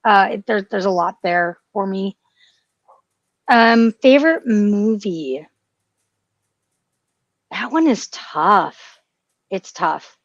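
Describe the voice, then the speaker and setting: A woman co-host talks in a gushing, emotional way, tripping over restarts and fillers. Her voice sits at a middle pitch. It comes through a dull, dry home mic. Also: expressive, slow, long pauses, no room sound. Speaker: podcast co-host. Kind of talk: casual chat.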